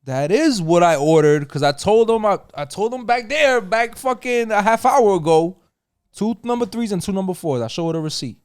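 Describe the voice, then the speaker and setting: Man, new york accent, middle-aged, lively pitch, dry close sound, swearing storyteller. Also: normal speed, clean tone, no echo. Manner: animated, swearing, acts out other voices. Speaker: podcast co-host. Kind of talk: casual storytelling.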